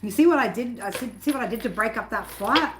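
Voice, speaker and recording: A woman's voice: a little high, fast talker. Swearing, chatty woman on a live stream. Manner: loose and chatty, swears freely, breaks off to scold her cats. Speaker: tarot reader hosting a live stream. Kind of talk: casual live-stream chat. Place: home with cats in the room. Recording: steady background noise. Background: noise and cats.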